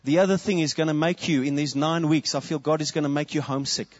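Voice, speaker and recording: Man, pastor, sermon, earnest, fairly high voice, dry, muffled lo-fi. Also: fairly even intonation, fast, no echo. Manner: earnest preaching with quoted prayers.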